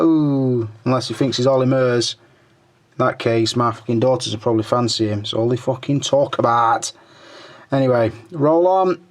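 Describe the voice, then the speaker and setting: A man's voice: medium pitch, moderate pace. Crude, joking middle-aged guy. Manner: crude, joking banter full of swearing, muttering under his breath while scrolling. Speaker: toy reviewer and channel host. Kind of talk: casual chat reading viewer comments.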